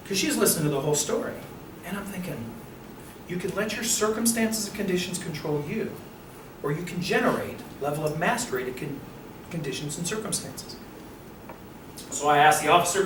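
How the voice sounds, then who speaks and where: An older man giving a motivational talk, telling a story with animated acted-out voices. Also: a little high. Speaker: motivational speaker. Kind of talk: storytelling speech. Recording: roomy, distant mic with faint noise.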